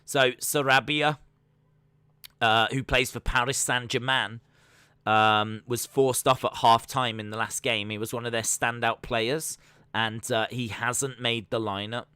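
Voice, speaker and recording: Male stream host, bright and clear, dry sound; chatty, answers the chat, gets excitable. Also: medium pitch, unhurried, dry recording. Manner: chatty, reads out viewer comments and answers them; excitable bursts, then trails off quietly. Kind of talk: casual live-stream watch-along chat.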